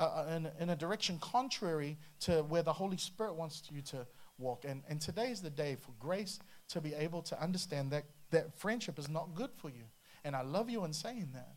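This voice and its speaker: A man preaching a sermon to a congregation, humorous and animated, breaking into playful voices and sound effects. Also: on the high side. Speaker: pastor.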